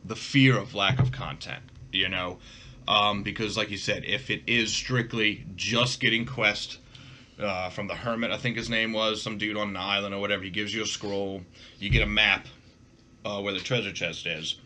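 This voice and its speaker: A man co-hosting a casual podcast chat, animated and quick to laugh. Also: fairly low pitch, a little hiss or hum. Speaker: podcast co-host.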